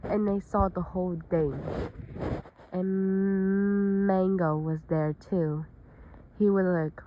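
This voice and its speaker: A woman's voice: mid-range voice, fairly even intonation, slow pace, long pauses, slight background noise. A woman telling a made-up story in one long rambling stream, linking events with "and then". Her voice sits in a middle range. The recording is a bit muffled and lo-fi. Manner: rambling, run-on narration with restarts. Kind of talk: casual improvised storytelling.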